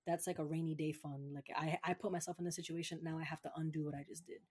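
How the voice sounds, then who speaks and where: A woman's voice: low-pitched, level tone, quick pace, a little mellow, breathy edge. Candid, profane young woman in casual chat. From Massachusetts. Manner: candid and profane, acts out quoted voices.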